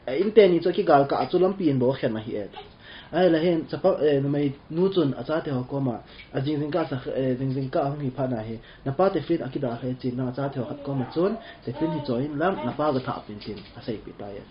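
A man interpreting a rabbi's class, talking quickly and trailing off at the ends of phrases. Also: medium pitch. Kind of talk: rapid spoken translation. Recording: dull lo-fi sound with faint room noise.

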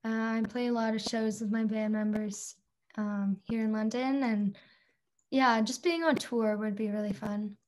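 A woman's voice: mid-range voice, fairly even intonation, moderate pace, a little mellow. A young woman from Toronto, a singer-songwriter guest, chatting casually and laughing often in an interview.

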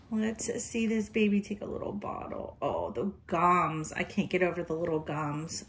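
A woman vlogger unboxing a doll, cooing and talking softly to it as if to a baby, sometimes dropping to a delighted whisper. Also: medium pitch, measured pace, a little hiss or hum. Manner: drops into breathy whispers of delight. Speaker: reborn doll collector and vlogger. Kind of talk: gushing unboxing vlog.

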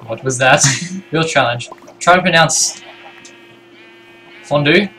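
A man's voice: a little high, takes it slowly, faint music behind. A man chatting and laughing with a friend while live-streaming a co-op game. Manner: giggly, teasing, excitable. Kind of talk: casual co-op game stream chat. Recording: noisy home recording.

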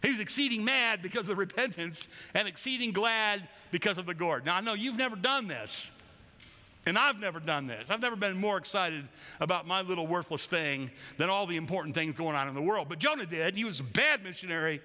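A man's voice: high voice, animated, fairly quick, bright, forceful tone. A man preaching a sermon as pastor in a church, conversational and wry with playful asides. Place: church sanctuary. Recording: long church hall reverb.

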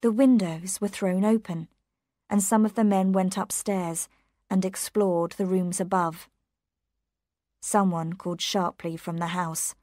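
Woman reading a graded reader slowly. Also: on the low side, steady tone, dark tone, no room sound, clean studio sound. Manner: slow, careful and clear. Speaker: narrator. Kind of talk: graded reader audiobook narration.

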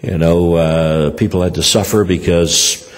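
A man's voice: low voice, fairly even intonation, measured pace, big-room sound. An older man preaching a sermon and telling personal stories in a rambling way, with frequent hesitations and restarts. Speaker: pastor. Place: church hall.

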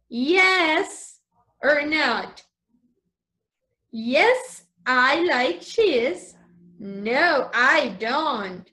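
Teacher lady on a video class, high bouncy voice, super slow spelling for little kids. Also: expressive, a bit bright. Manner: slow, exaggerated spelling and repetition, switching to Spanish explanations. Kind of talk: online class for young children. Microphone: video call.

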